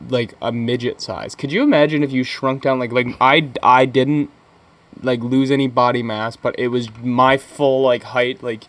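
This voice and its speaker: A young man in casual, crude podcast banter. His pitch sits in the middle range and his telling wanders, full of fillers and restarts. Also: steady tone, a bit bright. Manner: rambling, halting with many fillers and restarts. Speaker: podcast co-host.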